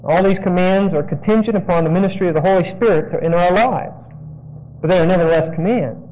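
A man's voice: high voice, fast talker. A man giving verse-by-verse sermon teaching, explaining Greek grammar with digressions and frequent checks of "okay?". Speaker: Bible teacher. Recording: dull lo-fi sound.

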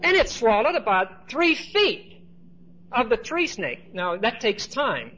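Conversational pastor on a lo-fi tape. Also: male voice, very high-pitched, big pitch swings, slow, sharp tone, slight background noise. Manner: conversational storytelling with asides to the congregation. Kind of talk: sermon.

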